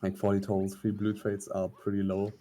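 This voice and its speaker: Low, dark-voiced male commentator with halting speech. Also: monotone, soft background music. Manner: halting, analytical, many fillers. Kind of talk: live esports commentary.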